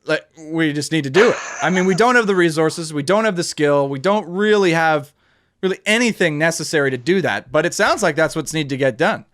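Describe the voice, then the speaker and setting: A man's voice: fairly high pitch, fairly quick. A man hosting a casual podcast chat, talking emphatically with many restarts. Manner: animated, emphatic, rambling with restarts.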